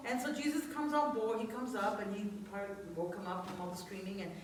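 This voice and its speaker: A woman's voice: mid-range voice, animated, quick pace, few pauses, distant mic, a little hiss or hum. A woman preacher giving a chatty, earnest sermon, full of fillers and restarts. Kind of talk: conversational sermon. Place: church. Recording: echoey church hall from afar.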